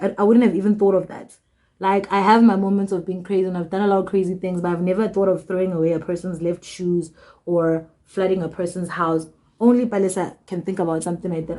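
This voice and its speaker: A young woman telling a storytime tale in casual, slangy chat, acting out the people she quotes. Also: lowish voice. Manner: animated, slangy, acts out quoted voices. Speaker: storytime vlogger.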